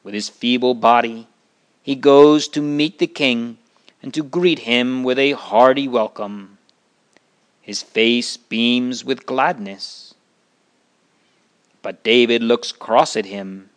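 A man narrating a Bible story in a slow, earnest way, stopping to comment on the rights and wrongs of the characters. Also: medium pitch. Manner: slow, earnest, moralizing asides.

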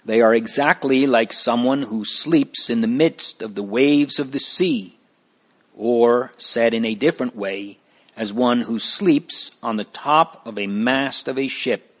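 Mister Greatheart, a slow, grave storybook guide, read by a man. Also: mid-range voice, lightly acted. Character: Mister Greatheart, steady wise male guide. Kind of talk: storybook reading.

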